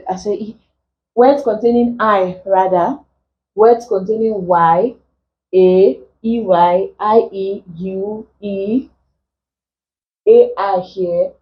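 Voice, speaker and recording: A woman English tutor teaching vowel sounds for exam preparation, saying example words slowly and often repeating them. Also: mid-range voice, muffled recording. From Nigeria. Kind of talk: exam prep lesson.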